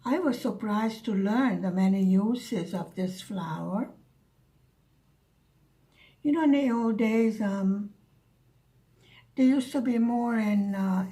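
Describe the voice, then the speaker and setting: A soft-spoken woman talks with her viewers as she works on a diamond painting, musing unhurriedly. Her pitch sits in a middle range and she takes her time over each thought. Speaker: craft vlogger. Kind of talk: casual chat while diamond painting. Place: living in Hungary, at home.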